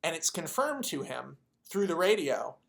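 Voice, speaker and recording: A video creator pitching a made-up movie plot in a casual, rambling way, swearing and acting out the characters' lines. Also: sing-song, normal speed, gravelly, fairly bright tone. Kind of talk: casual storytelling.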